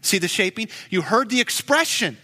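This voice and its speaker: A man's voice: lively intonation, normal speed, bright, forceful tone, long reverb tail. A man preaching a sermon, reading scripture and commenting with emotional, pleading passages. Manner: emotive preaching, rising to urgent pleas then dropping low. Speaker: pastor.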